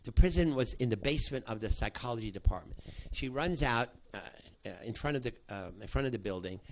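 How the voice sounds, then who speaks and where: An older man, a psychology professor, recounting a past study to an audience in halting speech full of restarts. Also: medium pitch, expressive, a little hiss or hum. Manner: halting, with many restarts, acting out quoted voices. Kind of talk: spoken storytelling to an audience.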